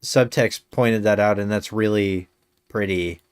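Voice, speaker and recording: A man streaming a game and chatting with his viewers in a low, unhurried voice. He rambles, fills gaps with ums and uhs, and drops dry jokes. The sound is close and dry. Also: fairly even intonation, clear, resonant tone, no room sound. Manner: rambling, dry joking with many fillers. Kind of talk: casual live-stream chat.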